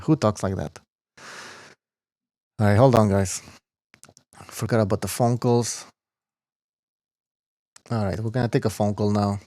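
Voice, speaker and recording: A man's voice: fairly low pitch, fairly even intonation, unhurried, pauses often, warm tone, no echo. A man hosting a boxing podcast, blunt and scoffing, cursing freely as he talks casually. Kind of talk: casual profane boxing talk.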